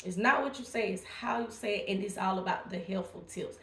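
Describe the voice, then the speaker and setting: A woman's voice: medium pitch, brisk, fairly bright tone, roomy sound. A woman vlogger talking casually and emphatically to her viewers, encouraging them. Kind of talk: casual direct-to-camera talk.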